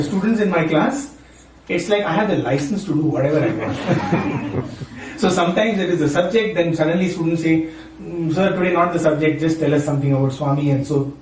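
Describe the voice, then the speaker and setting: A man's voice: on the high side, darkish tone, slight background noise. A man from Maharashtra gives an informal devotional talk, often checking in with "right?" and "you know". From Maharashtra, India. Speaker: spiritual speaker and university teacher. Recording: echoey room, voice from far off.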